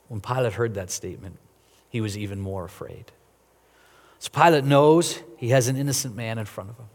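Male pastor, mid pitch, earnest sermon delivery, echoing church hall. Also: fairly quick. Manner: earnest, repeats words, rises and drops in volume.

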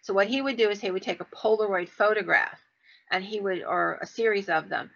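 A woman hosting a podcast, telling stories with a bright, forceful voice and acting out the quotes with lively jumps in pitch. The recording has a dull, lo-fi quality. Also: fairly quick, gravelly. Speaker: podcast host and storyteller. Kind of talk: casual storytelling. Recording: dull lo-fi sound.

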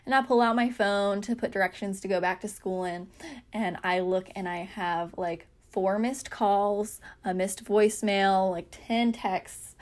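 A young woman in her twenties hosts a podcast and talks through a story from her own life. She speaks casually and mocks herself, with plenty of fillers, at an ordinary middle pitch. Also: fairly even intonation, a little slow. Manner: chatty, many fillers, self-mocking. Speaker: podcast host.

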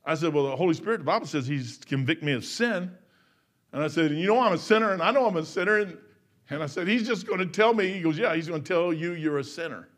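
A man in his fifties preaching with a high voice. He tells folksy stories and acts out both sides of a conversation. His delivery swings between loud emphatic bursts and quiet, low asides. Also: expressive, fast. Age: 50s. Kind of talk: sermon.

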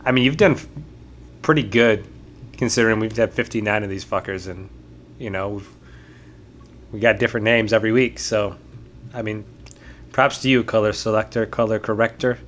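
A man's voice: lowish voice, steady tone, moderate pace, pauses often, fairly bright tone, a little hiss or hum. A man hosting a podcast in a laid-back, easygoing way, opening the episode over an online voice call. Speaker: podcast host. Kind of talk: casual podcast chat.

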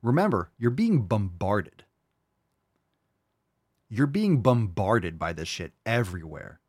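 A young man rants bluntly and profanely as a podcast host, mocking people in a raised, sing-song voice. His voice sits fairly low. The recording is close and dry, with no room sound. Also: darkish tone, breathy edge, no room sound. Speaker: podcast host answering listener questions. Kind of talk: casual rant.

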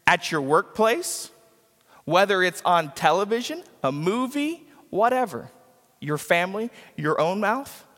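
This is a high-pitched, fairly bright male voice belonging to a pastor giving a sermon. Within the sanctuary's echoing hall acoustics, he drives his message home by repeating himself and dramatizing the words of people he cites.

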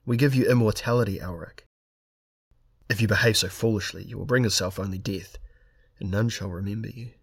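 Tempting chaos duke, a guy doing him, low husky, smooth-talking. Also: fairly quick, dry recording, studio quality. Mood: persuasive. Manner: persuasive, silky. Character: immortal male lord of chaos, soft and persuasive.

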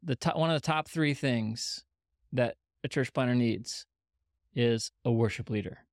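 A man's voice: medium pitch, a little slow, no echo. A man hosting a casual podcast interview in an upbeat, joking way, speaking close to the microphone. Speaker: podcast host. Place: sitting on couches indoors. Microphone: microphone held close on mini tripod.

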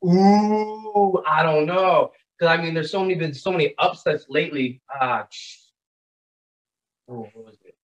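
A young man from the Pacific Northwest talks as a guest on a podcast, telling stories with a lot of fillers and excitement. His voice sits a bit high, and the recording sounds dull and lo-fi. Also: moderate pace. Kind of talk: casual chat.

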